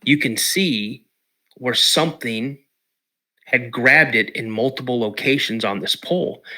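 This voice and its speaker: Bright-voiced man telling a story. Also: medium pitch. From US Pacific Northwest. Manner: emotional, halting retelling with restarts. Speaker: podcast guest. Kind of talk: personal storytelling interview.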